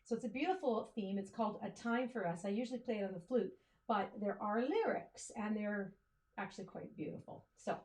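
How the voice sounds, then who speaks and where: A woman's voice: mid-range voice, a little fast, darkish tone. A woman hosting a music livestream, chatting and joking directly with her viewers between songs. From Canada. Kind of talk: casual chat between songs. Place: home livestream setup, in front of cameras.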